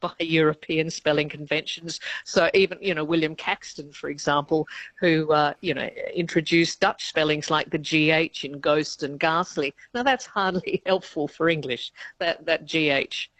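A woman's voice: sits low, steady tone, moderate pace, a bit bright, no echo. A woman professor of linguistics answering radio interview questions in a chatty, explanatory way, laughing often mid-sentence.

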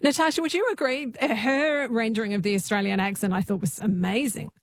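A woman hosting a radio interview, lively and conversational as she introduces clips and asks questions. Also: on the high side, a little fast, no room sound. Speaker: radio host.

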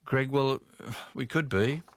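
A man's voice: medium pitch, slow pace, a bit bright, dry recording. A man with an Australian accent, hosting talkback radio in a folksy, chatty way. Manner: chatty, folksy, reads listener messages aloud. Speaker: radio talk show host. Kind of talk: casual talkback radio chat.

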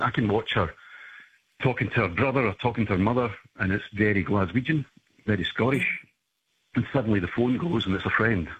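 A man chatting casually on the radio about his children, relaxed and rambling with many fillers. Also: on the low side, breathy edge, dull audio. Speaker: guest parent.

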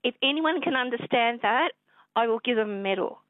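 An Australian woman calling a radio show, telling a rambling, excitable story full of fillers. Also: on the high side, fairly quick, slight background noise. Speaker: caller. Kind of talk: rambling phone call to radio. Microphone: telephone. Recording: tinny phone line.

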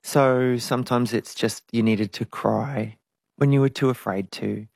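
Middle-aged woman guest, gravelly, candid, dry close sound. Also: rumbling low, measured pace, no room sound. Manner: frank and reflective, animated at times. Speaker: interview guest, singer. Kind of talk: candid conversational interview.

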